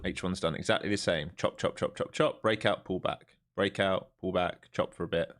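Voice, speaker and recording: Laughing often, an English man chats his way through a live stream of his futures trading, dropping quick jokes between price-level calls on the chart. He has a low-sitting voice with a fairly bright tone.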